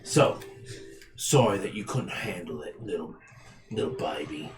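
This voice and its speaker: A man voicing a gruff male bounty hunter, blunt and scornful. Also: sits low, expressive, a little slow, echoey room, music in the background.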